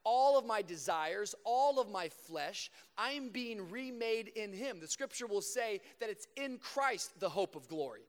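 A young man preaching a sermon to a live congregation, slipping between fast casual storytelling and slow, emphatic preaching. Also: high-pitched, lively intonation. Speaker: pastor. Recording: long reverb of a large hall.

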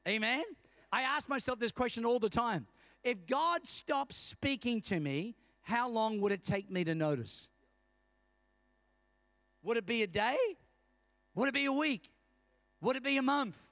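A man's voice: very high-pitched, a bit bright, no echo. A middle-aged man preaching a sermon as senior pastor, telling stories and calling for amens from the congregation.

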